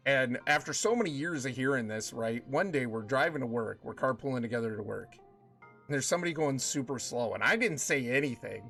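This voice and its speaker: A man's voice: mid-range voice, animated, brisk, gravelly, a bit bright. A man streaming a game and chatting casually with viewers, telling rambling stories with many restarts. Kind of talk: casual live-stream chat while gaming. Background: game music.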